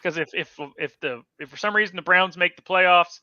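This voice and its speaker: A man whose voice sits high, moves a little fast, and has a sharp tone co-hosts a fantasy football podcast, with no room sound. He keeps the sports chat casual, rambling and self-correcting as his voice fades out. A dull, dry lo-fi mic records him.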